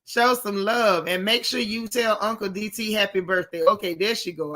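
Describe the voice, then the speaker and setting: A woman's voice: medium pitch, normal speed. A middle-aged woman hosting a casual livestream, greeting viewers one by one in a chatty, slangy way, her throat still recovering. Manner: warm, chatty, Southern-style slang, calls viewers y'all. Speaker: livestream host. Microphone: live stream mic with sound trouble.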